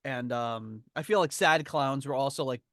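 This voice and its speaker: Animated man hosting a podcast. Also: medium pitch, dry recording, studio quality. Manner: animated, laughing, drawn-out fillers. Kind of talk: casual chat.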